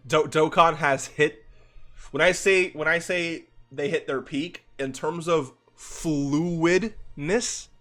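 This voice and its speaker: A young man giving excited reaction commentary on game animations, gushing and restarting his sentences, calling the viewer dude and bro. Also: a little high. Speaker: gaming YouTuber.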